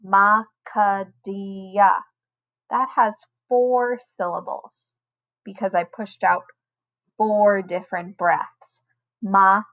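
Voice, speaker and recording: A woman teaching a recorded lesson to first graders, speaking slowly and patiently with careful, stretched-out pronunciation. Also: medium pitch, dull audio. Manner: slow, patient, over-enunciated teacher talk. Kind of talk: recorded online lesson for children.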